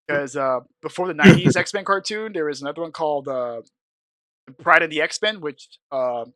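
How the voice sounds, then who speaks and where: A man's voice: a little high, normal speed, bright, forceful tone, dry recording. A man co-hosting a podcast, chatting and teasing casually, swearing now and then. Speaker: podcast co-host. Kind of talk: casual chat.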